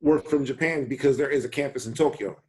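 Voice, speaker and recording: A man on a podcast telling a personal story in a relaxed, casual way, swearing now and then. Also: medium pitch, fast talker, a crowd in the background. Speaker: podcast co-host. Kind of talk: casual chat.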